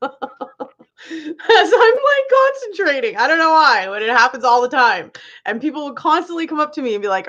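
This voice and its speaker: A woman's voice: high-pitched, moderate pace. Laughing chatty woman live-streaming. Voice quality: laughs often, chatty and animated. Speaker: livestream host. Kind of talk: casual live chat reading comments. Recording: dull lo-fi livestream audio.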